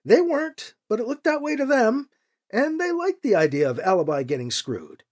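A woman's voice: a little high, very animated, normal speed, darkish tone, pitched above the performer's own voice. A woman voicing a blunt, defensive woman soldier and business manager who talks tersely.

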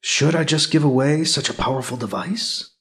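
A man's voice: a little high, normal speed, a bit bright. A man voicing a space pilot's inner thoughts in a musing tone. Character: male space pilot thinking to himself.

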